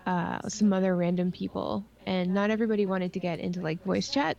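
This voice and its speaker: A woman's voice: mid-range voice, steady tone, brisk, gravelly, a little mellow, muffled recording. Rambling, playful young woman co-host. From Ontario, Canada. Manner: rambling, lots of likes and ums, playful. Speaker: podcast co-host. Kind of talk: casual chat.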